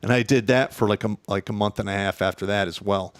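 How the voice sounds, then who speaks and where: A man's voice: lowish voice, quick pace, clear, resonant tone, no echo, studio quality. A middle-aged man telling profane, blunt stories from his army years in a casual chat. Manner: profane, blunt, animated storyteller. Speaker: guest telling war stories.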